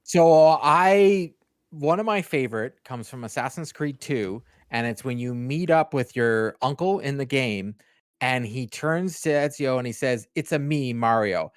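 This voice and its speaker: Excitable man chatting on a podcast. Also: mid-range voice, a little slow, dry recording, studio quality. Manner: animated, stumbling restarts. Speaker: podcast co-host. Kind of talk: casual podcast chat.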